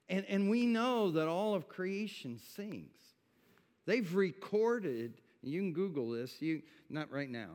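A man preaching a sermon in a church, his voice swelling with feeling on quoted words of God and dropping low and intimate between them. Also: lively intonation, slow, darkish tone, long reverb tail, faint music behind. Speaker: pastor. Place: church sanctuary.

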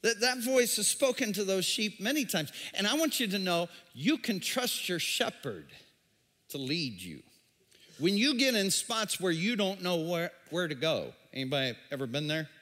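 A man's voice: sits high, very animated, moderate pace, fairly bright tone, long reverb tail. A man preaching a sermon as pastor, repeating words and throwing questions at the congregation. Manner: repetitive, stammering, questions to the crowd.

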